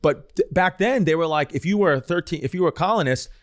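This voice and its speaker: A man's voice: fairly high pitch, animated, fast talker. A man co-hosting a podcast, rambling through history stories in crude, casual chat. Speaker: podcast co-host.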